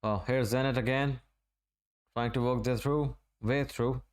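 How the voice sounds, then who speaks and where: A man from Asia giving relaxed, running play-by-play commentary during a live football watch-along stream. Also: medium pitch, clean tone. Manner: running play-by-play, conversational and unhurried.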